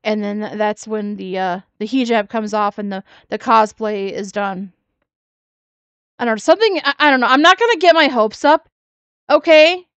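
A woman's voice: medium pitch, moderate pace, fairly bright tone, clean tone, no room sound, dull audio. A woman giving sassy, mocking reaction commentary on another creator's video. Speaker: commentary YouTuber.

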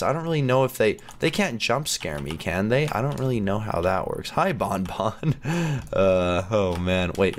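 A man hosting a gaming channel, chatting and reacting excitedly as he plays through a game. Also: sits low, a little hiss or hum. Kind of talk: let's play commentary.

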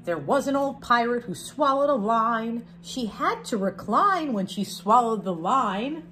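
A woman, a teacher reading a picture book aloud to her class, expressive, with chatty asides between the verses. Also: on the high side, unhurried, slight background noise.

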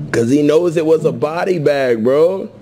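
A young man streaming, taunting and boasting with laughter between his jabs. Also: on the high side. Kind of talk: trash-talking reaction stream.

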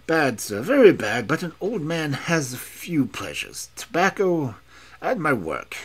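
A man's voice: on the high side, huge pitch swings, measured pace, breathy edge, full character voice. A man voicing an elderly invalid scholar who speaks in a precise, mincing, plaintive way. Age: older. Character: elderly male invalid scholar, chain-smoking, fussy.

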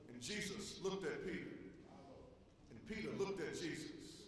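A man preaching a sermon, swinging between loud, high bursts and low, quiet stretches. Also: animated, normal speed. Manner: preaching with dramatic swings in pitch and volume. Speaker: pastor. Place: church sanctuary. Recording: echoey hall from a distance.

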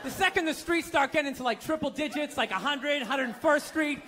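Speaking a little fast in a very high-pitched voice, a male comedian rants, swears and recounts exasperated stories to a live audience. It's a large comedy venue, and the hall recording is noisy with crowd laughter.

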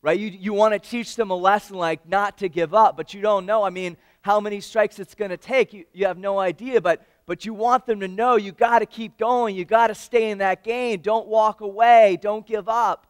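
Man telling a personal story at an awards podium, animated and dynamic, smooth and clear voice, fairly high for a man. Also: moderate pace, hardly any pauses, no room sound, studio quality. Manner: animated, swings from loud to hushed; addresses the audience directly. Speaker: former patient giving an awards speech. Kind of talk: storytelling speech.

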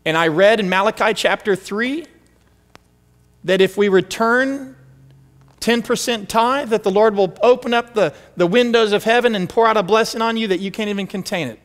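A man's voice: sits high, moderate pace. A man preaching a storytelling sermon as pastor, acting out the voices of the people in his stories. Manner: animated, acts out quoted voices. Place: church sanctuary. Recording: long hall reverb.

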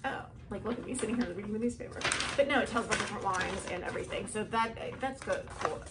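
A woman vlogging a casual product review at home, chatty and excitable as she gushes over each item. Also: mid-range voice, fast talker, background noise.

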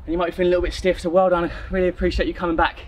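A man's voice: sits high, level tone, rapid-fire, a little hiss or hum. A man with a British accent, out of breath, coaching a home workout and calling out moves with energy. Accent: British English. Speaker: fitness coach. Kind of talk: workout instruction.

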